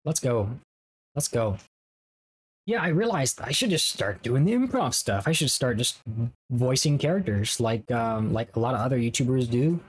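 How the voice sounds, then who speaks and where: A man's voice: mid-range voice, slightly rough, poor audio. Man, Let's Play host, rambling jokey commentary. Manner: rambling and jokey, talking to viewers. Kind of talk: casual gameplay commentary.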